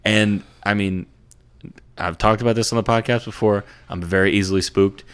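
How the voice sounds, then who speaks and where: Laid-back guy, lowish voice. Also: steady tone, normal speed, clean tone. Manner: laid-back, profane, many fillers and restarts. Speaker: podcast co-host. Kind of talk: casual chat about sports.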